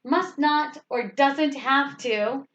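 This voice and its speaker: Patient woman English teacher, high voice, unhurried, repeats examples, asks the class questions. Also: a bit bright, slight background noise. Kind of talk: slow grammar lesson explanation. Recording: slightly dull lo-fi recording.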